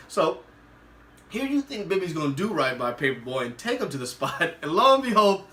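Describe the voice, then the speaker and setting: A man hosting a podcast, giving a casual, animated recap of a TV episode, laughing often and acting out the characters' lines. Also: fairly high pitch, a little fast, far from the mic. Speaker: podcast host. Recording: roomy, away from the mic.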